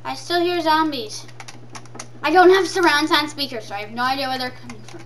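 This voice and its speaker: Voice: high voice, a little fast, fairly bright tone. A gameplay commentator talking in a silly, sing-song way and repeating lines over and over. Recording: distant from the mic, faint noise.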